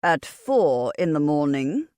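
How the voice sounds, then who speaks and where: A woman puts on a stern, self-important male inquisitor from a fantasy audiobook. He speaks with slow, clipped authority that sounds like an accusation, in a lowish voice. The sound is close and dry. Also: sing-song, darkish tone, dry recording. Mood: accusing.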